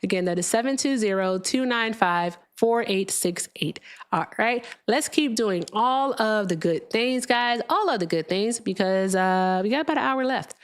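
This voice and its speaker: A woman hosting a live call-in stream, brash and teasing, laughing often. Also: on the high side. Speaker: livestream host. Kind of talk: casual live call-in chat.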